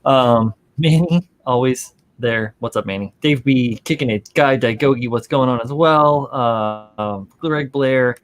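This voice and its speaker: A man's voice: mid-range voice, unhurried, few pauses. A man hosting a casual hobby livestream, giggling and calling out names from the chat. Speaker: stream host.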